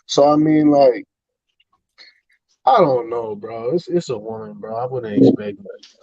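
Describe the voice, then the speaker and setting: A laid-back man chats as a stream guest, saying "bro" often. His voice sits at a middle pitch. He comes through a dull, lo-fi, dry call line. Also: expressive, a little slow, no room sound. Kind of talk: casual chat.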